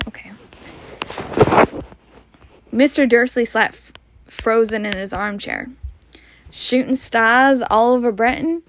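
A woman with a Scottish accent reading a storybook aloud, unhurried, now and then stumbling over words and laughing. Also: fairly high pitch, no echo. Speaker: reader.

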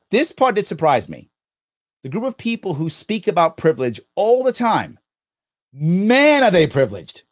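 A man's voice: high-pitched, very animated, moderate pace. A man in his fifties reacting to viewer comments, indignant and emphatic, repeating lines for effect. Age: 50s. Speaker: podcast host reacting to comments.

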